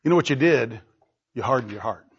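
A male preacher giving an emphatic sermon full of rhetorical questions, swinging between loud and hushed delivery, on a dull lo-fi recording. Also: medium pitch, expressive, a little fast, breathy edge.

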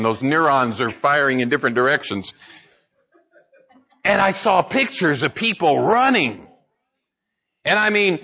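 A preacher man with a high, bright and forceful voice. He talks to his congregation in a conversational way and builds to emphatic peaks. The recording sounds dull and lo-fi. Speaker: pastor. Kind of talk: sermon.

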